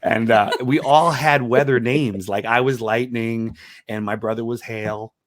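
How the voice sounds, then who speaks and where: A man, a comedian guest on a podcast, telling family stories in a casual, animated way that slips into high-pitched impressions. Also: measured pace, dry recording, studio quality. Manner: animated, jumps into high-pitched impressions, laughs at his own jokes.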